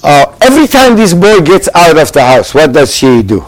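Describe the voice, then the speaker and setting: Animated man teaching a class. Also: on the high side, normal speed, low-quality recording. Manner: quizzes the audience with rhetorical questions; swings between loud emphasis and hushed asides. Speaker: religious teacher. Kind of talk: Torah lesson to a live class.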